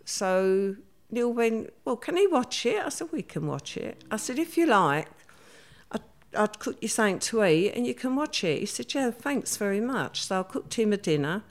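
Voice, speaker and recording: A woman's voice: medium pitch, big pitch swings, moderate pace. An older woman, telling her story as an interview guest in a plain-spoken way and acting out what people said. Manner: plain-spoken, acts out quoted dialogue.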